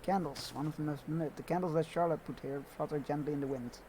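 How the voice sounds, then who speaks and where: A man's voice: fairly high pitch, fairly even intonation, fast talker, noisy background. A man streaming a game, chatting casually and reading the game text aloud with asides. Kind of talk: casual let's-play commentary. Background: game music.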